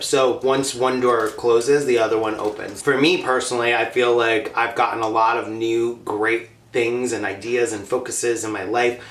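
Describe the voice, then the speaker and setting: A man's voice: mid-range voice, fairly bright tone, roomy sound. A man hosting a casual mukbang vlog, chatting and laughing as he eats candy. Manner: chatty, laughing, talking while eating candy. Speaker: vlogger.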